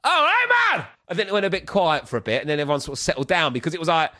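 A man's voice: a little high, rapid-fire. A man, a comedian and podcast host, telling a story in a casual chat and acting out the voices. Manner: animated, acts out voices.

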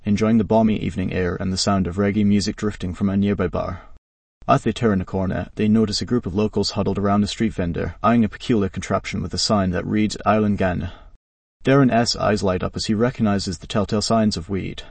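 A man narrating a scripted story in a flat, even read. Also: on the low side, a little fast, gravelly, slightly rough, dry recording, recorded from a distance.

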